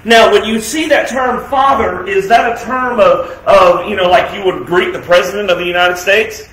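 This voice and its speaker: High-voiced pastor preaching in an echoey church. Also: male voice, moderate pace, a little hiss or hum. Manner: emphatic preaching with rhetorical questions; swings between loud declarations and quiet, soft asides. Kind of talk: sermon. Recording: echoey room sound.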